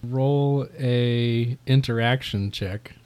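A man narrating as game master of a tabletop game, in a relaxed, halting way. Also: mid-range voice, smooth.

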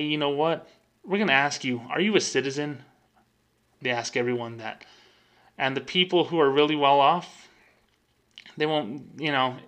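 A man's voice: mid-range voice, sharp tone. A man and former bank employee hosting a show, ranting in an emphatic, indignant way and repeating words for stress. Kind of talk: casual rant.

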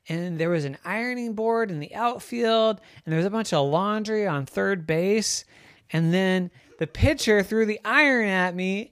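A daydreaming little girl, high and whiny, demanding answers with wide swings of pitch, as a storyteller puts her on. She is lively and indignant. This is a bedtime-story voice, recorded close and dry. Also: smooth, no room sound. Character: dreamy distracted little girl.

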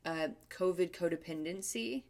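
A woman's voice: fairly low pitch, normal speed, a little mellow. A woman co-hosting a podcast in easygoing casual chat, reading out listener comments. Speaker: podcast co-host.

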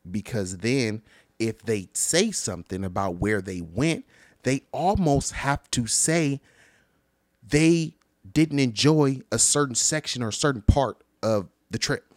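A man casually ranting about travel stories, profane and animated, acting out the people he quotes. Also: measured pace, no echo, studio quality. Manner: animated, profane, acts out quoted people with big pitch jumps. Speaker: vlogger. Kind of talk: casual storytelling rant.

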